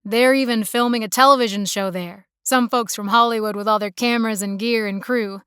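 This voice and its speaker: A woman's voice: fairly high pitch, fairly even intonation, brisk, fairly bright tone, clean tone, no echo, clean studio sound, natural voice. A woman voicing a friendly young small-town male mechanic with a slight country drawl, easygoing and folksy.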